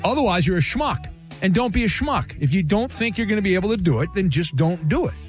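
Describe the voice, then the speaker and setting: A man hosting a talk radio show, bantering briskly and teasing his callers. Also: sits high, lively intonation, soft background music.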